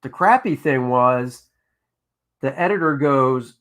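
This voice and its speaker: A man's voice: medium pitch, measured pace. An older man who inks comics, casually telling stories of his work on a live drawing stream and reading out viewer comments. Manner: chatty anecdotal storyteller, reads out chat comments. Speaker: comic book inker hosting a drawing stream.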